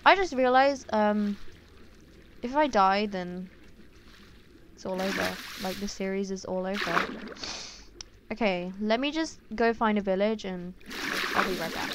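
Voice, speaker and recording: A woman giving casual gameplay commentary, chatty and excitable, with lots of ums and quick exclamations. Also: medium pitch, slight background noise. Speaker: gaming YouTuber.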